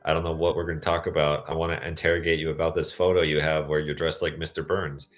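A man's voice: rumbling low, level tone, quick pace, soft background music. A man co-hosting a podcast in casual chat, rambling from tangent to tangent. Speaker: podcast co-host.

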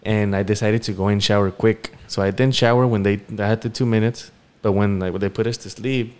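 A man co-hosting a podcast, telling a story in a relaxed, rambling way with many fillers. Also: fairly low pitch, fairly quick. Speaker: podcast co-host. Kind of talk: casual storytelling chat.

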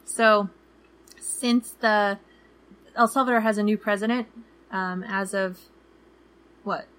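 A woman's voice: mid-range voice, fairly even intonation, takes it slowly, a bit bright. A woman in her thirties co-hosting a travel podcast in casual chat, talking loosely with many fillers and acting out people she quotes. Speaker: podcast co-host.

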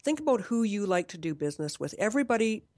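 A woman's voice: medium pitch, big pitch swings, fast talker, a little mellow, no room sound, studio quality. A woman talking about marketing in a casual conversation, earnest and emphatic.

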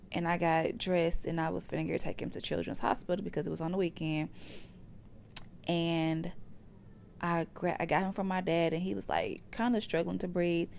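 A young woman tells a personal story on her podcast, talking straight to her listeners. Her voice sits low and has a gravelly, fried edge. A faint hiss runs under the recording. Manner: conversational, addresses listeners as y'all. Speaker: podcast host.

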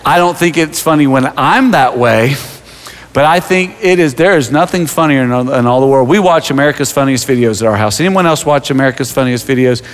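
A man's voice: medium pitch, fairly quick. A male pastor delivers a sermon in a large church sanctuary, his mid-range voice carrying a long reverb around the room. He moves between stories and scripture with self-deprecating humor, often stumbling and restarting his words.

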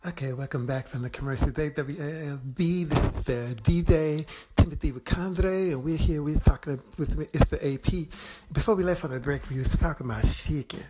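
A man hosting a comedic mock morning radio show, with a hyped, drawn-out announcer delivery. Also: a little high, background noise. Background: music.

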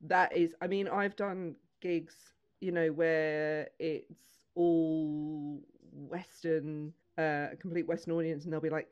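A woman's voice: fairly low pitch, normal speed, darkish tone, highs cut off. A woman comedian in her thirties, chatting casually and bluntly, swearing freely and laughing often. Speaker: comedian and podcast host. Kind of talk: casual chat.

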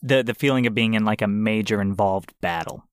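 A man's voice: fairly low pitch, a little fast, clean tone, dry recording, studio quality. A man co-hosting a casual game review chat who laughs often and talks expressively. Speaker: game podcast co-host.

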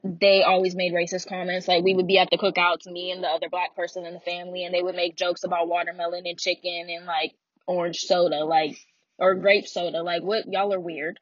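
A woman's voice: on the low side, a little fast, no room sound, muffled recording. A young woman, speaking bluntly and frankly about her own life, often laughing. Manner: blunt, frank and animated, with frequent laughs and asides. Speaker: speaker sharing personal story. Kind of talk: candid personal monologue.

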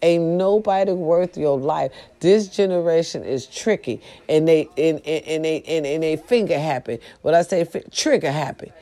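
A woman speaks straight to her followers in a casual, sermon-like talk. Her voice sits low and soft-toned, with a warm, mellow color. She hammers each point home by repeating it. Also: moderate pace, few pauses. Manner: emphatic, repetitive, preaching to followers. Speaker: online commentator addressing viewers. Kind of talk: casual preachy monologue.

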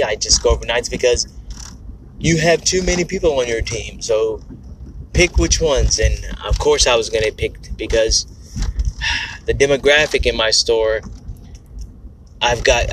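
In a medium-pitched, fairly bright voice, this podcast host airs his frustrations casually and candidly, swearing a lot and self-correcting. He seems tense. Slight background noise sits under the recording.

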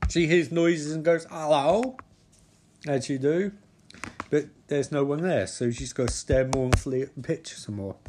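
A man's voice: on the high side, darkish tone. A man giving a rambling, sweary, sarcastic live recap of a TV episode, often forgetting character names. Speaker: TV episode reviewer. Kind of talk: casual live-watch commentary.

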